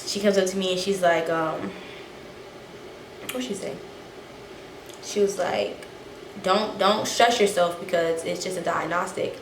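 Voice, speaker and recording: A young woman telling a casual story to her vlog viewers, animated and a little out of breath, acting out the quotes. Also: on the low side, a little slow, long pauses. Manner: animated, acts out quotes, swears freely. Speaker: vlogger. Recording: echoey room, faint noise.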